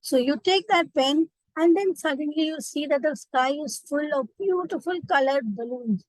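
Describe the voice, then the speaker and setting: A woman's voice: sits high, normal speed, dry recording, low-quality recording. A woman with an Indian accent, a memory trainer, guiding listeners through a vivid imagined story. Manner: vivid storytelling, direct address. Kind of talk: guided visualization lesson.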